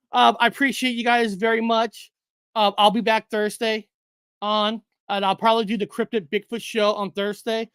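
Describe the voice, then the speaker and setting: A chatty woman hosts a casual livestream, her voice sitting a touch high and recorded close and dry. She rambles, repeats herself and laughs as she goes, a little out of breath. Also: level tone, unhurried, long pauses, clean tone, dry recording. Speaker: livestream host.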